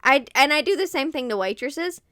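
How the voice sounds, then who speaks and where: A woman co-hosting a podcast in casual chat, animated and acting out her own quoted lines in a higher voice. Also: a little fast, no room sound, clean studio sound. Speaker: podcast co-host.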